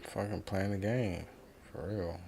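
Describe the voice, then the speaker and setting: A man's voice: deep voice, fairly even intonation, a little slow, vocal fry, mellow, a little hiss or hum. A man chatting casually with a friend on stream, making blunt, laid-back remarks. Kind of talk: casual chat. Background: hip hop music from a video.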